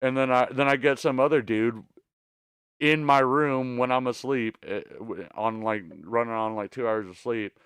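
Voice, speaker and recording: A man's voice: mid-range voice, steady tone, normal speed, a bit bright, smooth, dry recording. A man chatting casually as a stream host, rambling and swearing with many stammered restarts. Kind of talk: casual chat.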